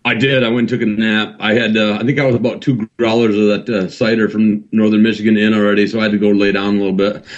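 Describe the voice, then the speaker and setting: A man's voice: fairly low pitch, little pitch movement, fast talker, few pauses. A man in casual chat, laid-back and chuckling, recorded with a dull lo-fi sound.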